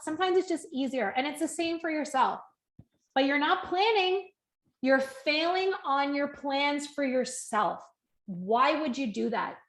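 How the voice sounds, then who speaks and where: A woman in her thirties giving a chatty, animated fitness coaching talk and acting out little quoted voices. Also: high voice, moderate pace. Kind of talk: casual coaching talk to camera. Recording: echoey room.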